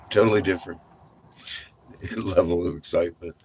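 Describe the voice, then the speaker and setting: A man's voice: low-pitched, darkish tone, slight background noise. A middle-aged man telling a rambling, casual story, swearing freely and laughing often. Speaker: vlogger.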